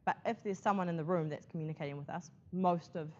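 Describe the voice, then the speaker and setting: Nz lady teacher chatting through a lesson, lowish voice, kinda muffled classroom recording. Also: fast, dark tone, a little hiss or hum. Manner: chatty, frequent "okay?" check-ins. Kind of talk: classroom lesson on presentation skills.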